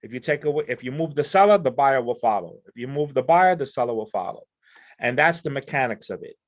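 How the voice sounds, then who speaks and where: A man's voice: medium pitch, expressive, fairly quick, lo-fi sound. A man speaking on a discussion panel, explaining his ideas in an earnest way and often repeating words as he builds each point. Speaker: panel speaker on crime prevention.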